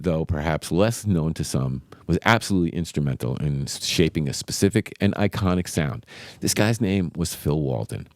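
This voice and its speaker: Very deep-voiced playful male co-host. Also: animated, normal speed, vocal fry, hardly any pauses, dry recording. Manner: playful, punning, emphatic. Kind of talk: casual music podcast chat.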